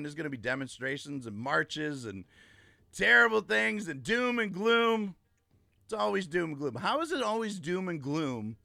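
A man's voice: a little high, creaky, a bit bright, dry recording. A man hosting a casual livestream, ranting emphatically and gloating, repeating his points. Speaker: livestream host. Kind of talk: casual political livestream rant.

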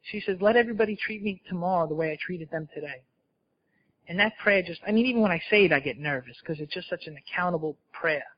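A man's voice: fairly high pitch, highs cut off. Candid man sharing his recovery story. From New Jersey. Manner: candid, storytelling, self-mocking with frequent laughs. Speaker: speaker sharing at a recovery meeting. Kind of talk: personal recovery talk to an audience.

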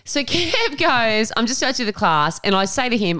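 A woman's voice: fairly high pitch, normal speed, hardly any pauses, smooth. A woman, co-hosting a podcast in frank, sweary casual chat. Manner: frank and sweary, animated storytelling. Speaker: podcast co-host.

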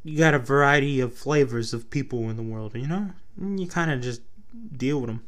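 A man's voice: medium pitch, a little fast. A young man from Texas with a Texas twang, chatting to his viewers in a loose, rambling, profane way. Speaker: vlogger. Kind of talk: casual rambling chat to camera.

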